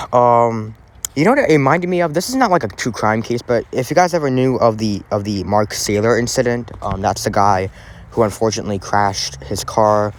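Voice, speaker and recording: A man's voice: mid-range voice, lively intonation, moderate pace, slight background noise. Rambling man talking true crime. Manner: rambling, many fillers and restarts. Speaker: true crime podcast host. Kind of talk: casual true crime chat.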